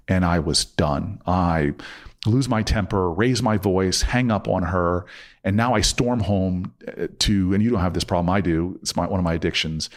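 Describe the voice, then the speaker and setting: A man telling a story as a podcast guest, acting out quoted dialogue with sudden jumps up in pitch, and often restarting and repeating words. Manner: frequent restarts and stammered repeats. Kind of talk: animated storytelling in a podcast interview.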